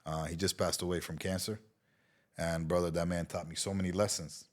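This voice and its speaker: Low-pitched and fairly quick, a middle-aged man from Israel guests in a casual interview. His storytelling is animated and full of swearing, with quotes he performs aloud.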